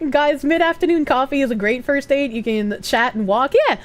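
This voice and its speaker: A woman's voice: sits high, steady tone, normal speed. A young woman with a Boston accent chatting casually on a live stream, rambling, giggly and swearing freely.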